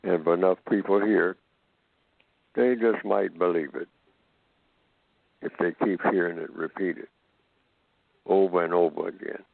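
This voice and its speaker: A man who is a guest on a call-in radio program, speaking slowly and repeating phrases for emphasis. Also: low voice, fairly even intonation, vocal fry, dry recording. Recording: tinny phone-line audio.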